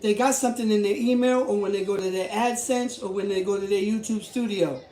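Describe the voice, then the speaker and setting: A man hosting a commentary vlog, talking emphatically, repeating himself and building up to shouting. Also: high-pitched, a little fast. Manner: emphatic, repetitive, rising to shouts. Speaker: YouTube host. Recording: echoey room.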